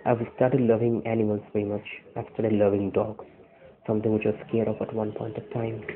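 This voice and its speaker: Man, tender halting love message, slightly low voice, phone-like sound. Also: a little hiss or hum. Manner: tender, earnest, halting with restarts. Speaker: boyfriend recording a love message. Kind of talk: personal video message. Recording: tinny phone-like audio.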